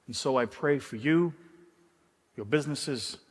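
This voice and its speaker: A South African man giving a motivational keynote, an animated and dramatic storyteller with self-mocking humor. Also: medium pitch, unhurried. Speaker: keynote speaker. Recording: echoey hall.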